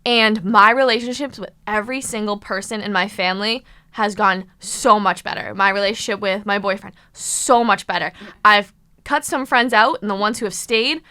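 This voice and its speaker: A young woman hosts a podcast with open enthusiasm. Her voice is bright and forward and sits in a medium range. She talks casually and emphatically, gushing over what her guest says. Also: medium pitch, normal speed, clean tone. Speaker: podcast host. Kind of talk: casual chat.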